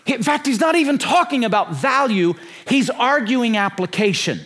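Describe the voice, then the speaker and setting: A man's voice: very high-pitched, lively intonation, moderate pace, fairly bright tone, husky. A man in his sixties preaching a sermon to a conference crowd, emphatic and repetitive, stopping often to ask his listeners questions. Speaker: conference speaker.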